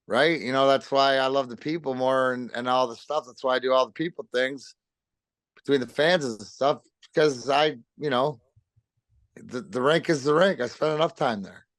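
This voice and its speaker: A former pro hockey player in his fifties, appearing as a podcast guest, tells stories in a casual chat, swearing freely and animated as he rambles and keeps restarting his sentences. His voice is medium-pitched and moderately paced, with no room sound.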